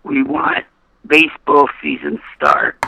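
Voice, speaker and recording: A man's voice: mid-range voice, huge pitch swings, slow pace, gravelly, crowd noise. A man in his fifties, a caller rambling on a phone line in casual chat. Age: 50s. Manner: rambling, forgetful, chatty.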